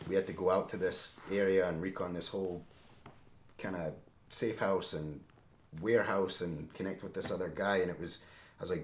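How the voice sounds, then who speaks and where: Deep voiced middle-aged guy telling a story on a podcast, keeps saying right?, echoey room. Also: moderate pace. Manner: animated, seeks agreement with frequent "right?". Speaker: podcast guest, former Marine. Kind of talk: conversational war storytelling. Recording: roomy echo.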